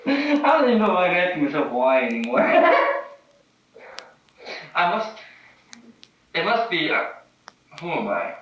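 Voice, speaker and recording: A man's voice: on the high side, big pitch swings, a little slow, long pauses, fairly bright tone, distant mic, muffled recording. Giggly rambling man on echoey old tape. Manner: giggly, drifting, repetitive. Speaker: documentary subject. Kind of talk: candid rambling monologue.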